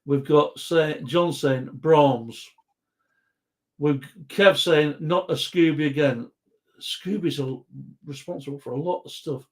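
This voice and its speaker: A man's voice: a little high, slow. A man hosting a live quiz chat, reading out viewers' answers in a rambling, jokey way and stumbling over words.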